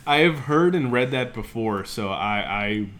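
A man's voice: medium pitch, expressive, a little slow, fairly bright tone. A man co-hosting a casual movie review chat, chatty, laughing often and swearing freely. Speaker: podcast co-host.

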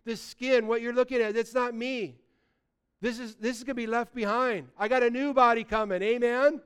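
A man, preaching a sermon, animated, swinging between loud bursts and quiet asides. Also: very high voice, moderate pace, smooth. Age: 60s. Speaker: pastor.

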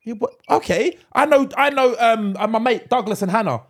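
A man's voice: very high-pitched, fairly bright tone. A young man co-hosting a podcast, arguing his point and laughing easily. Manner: argumentative, quick to laugh. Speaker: podcast co-host. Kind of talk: casual chat.

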